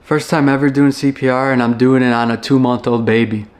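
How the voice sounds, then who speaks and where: A young man from Chicago talks through a personal memory, pausing and restarting as he goes. His voice sits at an ordinary middle pitch, and his delivery is earnest and unpolished. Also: steady tone. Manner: halting and reflective, many restarts and fillers. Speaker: former firefighter. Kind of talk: personal storytelling.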